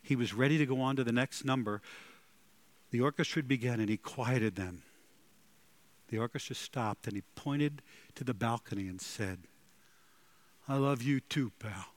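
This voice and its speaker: A man preaching a sermon, telling stories dramatically and swinging between loud and hushed delivery. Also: mid-range voice, moderate pace, pauses often. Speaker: pastor.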